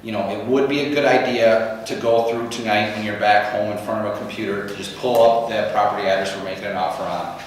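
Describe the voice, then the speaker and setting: A man with a lowish voice leads a real estate training session and explains each step in plain, practical terms. He is recorded from a distance, and a long, roomy reverb hangs on every word. Faint room ambience sits underneath. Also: fairly even intonation, fairly quick, few pauses, a little hiss or hum. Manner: practical, conversational, walks through forms step by step. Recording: echoey room from far off.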